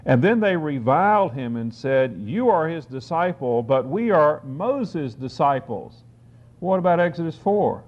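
A man giving a sermon, reading scripture aloud and explaining it, slowing down to stress key phrases. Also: fairly high pitch. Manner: deliberate, slows for emphasis on key phrases. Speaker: preacher. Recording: dull lo-fi recording.

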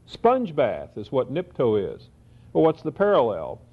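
Slow-reading Bible teacher, man. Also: mid-range voice, huge pitch swings, husky. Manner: reads scripture slowly, then explains in quick asides. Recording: dull lo-fi recording.

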